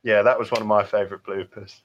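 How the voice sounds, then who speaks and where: A man co-hosting a comedy podcast, telling dry deadpan stories. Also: fairly low pitch, quick pace. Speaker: podcast co-host. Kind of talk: casual comedy chat. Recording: dull podcast audio.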